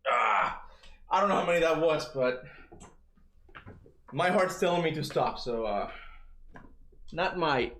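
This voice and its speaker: A man in his thirties chatting casually with viewers during a game livestream, excitable and talking straight to his chat. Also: a little high, measured pace, long pauses. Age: 30s. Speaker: streamer.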